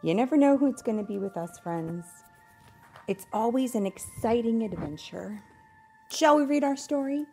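A young adult mother reading a bedtime storybook aloud, animated, with playful asides. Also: a little high, moderate pace, creaky, breathy edge, soft background music.

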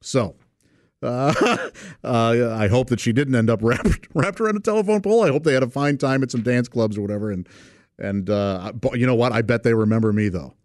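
Rambling, laughing comedian telling a story. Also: male voice, medium pitch, animated, fairly quick, a little mellow, no room sound, studio quality. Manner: rambling, many fillers, laughs while telling. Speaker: stand-up comedian, guest. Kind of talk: casual storytelling.

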